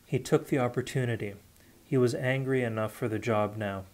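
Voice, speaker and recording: A man reading a fantasy novel aloud unrehearsed, steady with occasional self-corrections. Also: mid-range voice, moderate pace. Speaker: audiobook reader. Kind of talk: unrehearsed audiobook narration.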